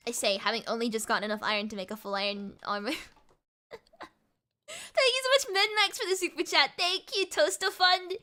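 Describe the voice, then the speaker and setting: A young woman streaming and chatting with viewers, talking fast and giggling, with a mixed American and British accent. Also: sits high, bright, forceful tone. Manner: rapid, giggly, repeats words. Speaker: VTuber streamer. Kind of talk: casual live-stream chat with viewers.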